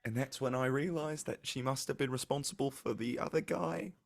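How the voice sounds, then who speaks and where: A man voicing a remorseful young woman who confesses and apologizes through tears, his voice pushed up high and pleading. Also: a little fast, vocal fry, lightly acted. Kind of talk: voicing a character in a tabletop game.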